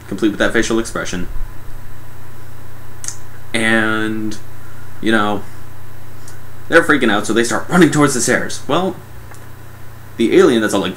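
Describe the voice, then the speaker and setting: A man's voice: on the low side, moderate pace, pauses often, a bit bright, a little hiss or hum, rough recording. A man giving a casual, comedic movie recap in a sarcastic, mock-exasperated way. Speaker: movie reviewer.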